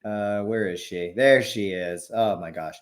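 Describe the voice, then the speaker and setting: A man's voice: on the low side, measured pace. A man in his forties co-hosting a podcast, talking through political news in a conversational, explanatory way. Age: 40s. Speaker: podcast co-host. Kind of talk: casual political chat.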